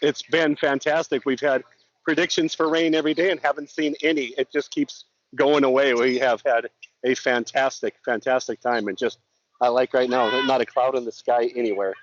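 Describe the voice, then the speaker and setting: A middle-aged law enforcement officer from Montana calls in as a guest for a casual chat, speaking in a mid-range voice with fairly even intonation at a moderate pace. He's earnest and often repeats his words. The remote call audio is slightly dull with faint noise.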